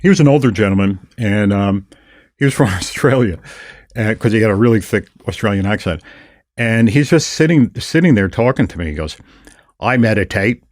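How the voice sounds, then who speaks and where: An older man hosts a casual podcast, telling stories with animated retellings of the people he met. His voice sits low, and the recording is close and dry with no room sound. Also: a little fast, no room sound. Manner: storytelling, animated retelling of encounters. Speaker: podcast host. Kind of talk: casual conversation.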